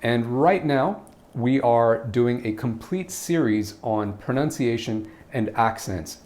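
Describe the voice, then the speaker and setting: A man's voice: mid-range voice, a little mellow. A man teaching an online English grammar lesson as a pronunciation coach, in a playful and teasing way.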